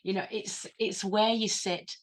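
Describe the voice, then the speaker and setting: A woman's voice: medium pitch, flat delivery, a little slow. Reflective woman co-hosting a chat. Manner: reflective, affirming, acts out quoted voices. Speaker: podcast co-host. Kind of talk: conversational discussion.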